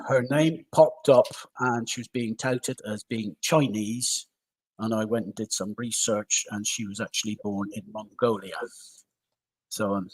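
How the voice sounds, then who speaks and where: A man's voice: mid-range voice, breathy edge, low-quality recording. A British man co-hosting a live stream, steadily reading out music deaths and birthdays with small asides. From United Kingdom.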